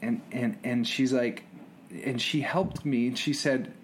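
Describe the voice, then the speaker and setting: A middle-aged man telling personal stories about being a father, animated, often repeating words and restarting sentences. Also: medium pitch, measured pace, a little hiss or hum. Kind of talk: casual storytelling.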